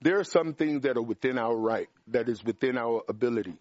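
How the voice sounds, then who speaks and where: A man preaching a sermon in an emphatic, animated way, pushing up in pitch and volume on key points. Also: a little fast, no room sound. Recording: dry, dull lo-fi sound.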